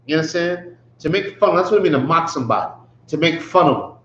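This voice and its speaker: A man with a high voice leads a Bible study, teasing the verses with sarcastic mockery and frequent rhetorical questions. The sound is echoey and dull, like a lo-fi recording in a bare room. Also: expressive, fast, a bit bright. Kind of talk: street-style Bible teaching.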